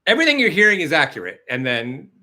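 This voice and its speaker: Man, live stream host, rambling, laughing, bright voice, lively pitch. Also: fast talker. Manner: rambling, laughing, acts out lines. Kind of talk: casual chat. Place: home in Los Angeles.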